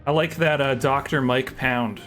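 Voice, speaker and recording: A man's voice: mid-range voice, measured pace, fairly bright tone. A man streaming a game live, chatting casually and self-deprecatingly while reacting aloud to the action and answering chat. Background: game music.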